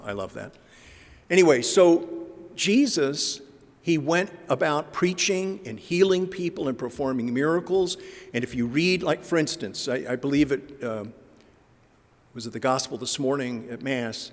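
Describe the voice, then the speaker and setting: A man's voice: medium pitch, moderate pace. A man in the middle of his voice range gives a Lenten talk in a church, the sound trailing off in a long reverb. He talks casually, with plenty of fillers, and slips into acting out gospel dialogue as he goes. The recording is a plain parish lecture. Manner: conversational, with filler words and acted-out gospel dialogue. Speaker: guest speaker.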